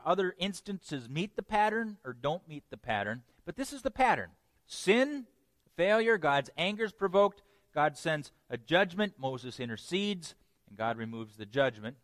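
A man preaching a sermon, teaching in a lively way with playful jokes and asides. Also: sits high, dry recording. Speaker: pastor.

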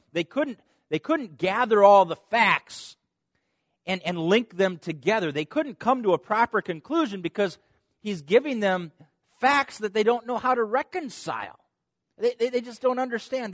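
Male pastor, sermon delivery, animated storyteller, fairly high voice, dry recording. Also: no echo. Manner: animated storytelling, repeats words at phrase starts.

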